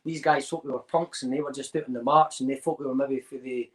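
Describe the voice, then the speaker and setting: A man's voice: medium pitch, fairly even intonation, quick pace, low-quality recording. A man with a Scottish accent, a podcast guest rambling through anecdotes with Scots slang in casual chat. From Scotland.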